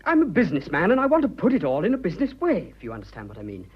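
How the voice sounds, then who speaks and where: An eager, blustering young English businessman in love in an old radio play. His voice swings lively up and down, a little husky, heard through a dull, muffled broadcast. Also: high-pitched, very fast, heavily acted. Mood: flustered, ardent. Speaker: suitor. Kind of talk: 1940s radio acting.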